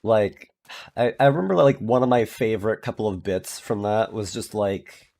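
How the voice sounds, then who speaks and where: A man's voice: on the low side, moderate pace, gravelly, a little mellow. A man streaming and chatting casually, rambling with lots of filler words and restarts. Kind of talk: casual chat.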